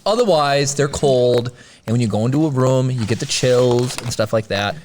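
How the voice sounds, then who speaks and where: A man's voice: medium pitch, normal speed, a little hiss or hum. A man co-hosting a podcast, joking around in casual chat and laughing often. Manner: animated, jokey, laughs often. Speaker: podcast co-host.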